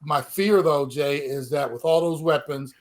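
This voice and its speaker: A man with a notably high voice co-hosts a sports podcast in a relaxed, emphatic way. He is middle-aged and talks like a former player, repeating words as he gets going. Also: unhurried. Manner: animated, emphatic, repeats words when starting. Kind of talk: casual sports chat.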